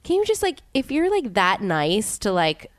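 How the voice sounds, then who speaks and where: A young woman chatting casually as a podcast host, telling a story with many fillers and sudden high exclamations. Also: normal speed, dry recording. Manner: animated storytelling with many "like" fillers, leaps in pitch when exclaiming. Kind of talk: casual chat.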